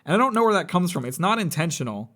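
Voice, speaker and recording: A man's voice: sits high, sing-song, fast, sharp tone. Sardonic, profane young male streamer. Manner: rambling, profane, blunt and sardonic. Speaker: live streamer. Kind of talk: casual live-stream chat while building a model kit.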